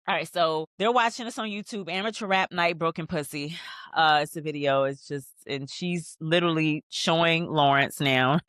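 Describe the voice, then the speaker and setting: Woman, low voice, dry close sound, chatty show recap, animated slangy asides. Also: no echo. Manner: narrates scenes while pausing the show. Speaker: podcast host. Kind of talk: casual episode recap.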